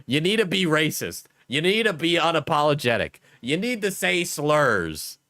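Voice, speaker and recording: A man's voice: fairly high pitch, big pitch swings, normal speed, pushed and bright, no echo. New York guy riffing on stream, mocking and crude, very dry mic. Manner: crude, mocking, talks over the video. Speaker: streamer reacting to a video. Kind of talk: casual live-stream commentary.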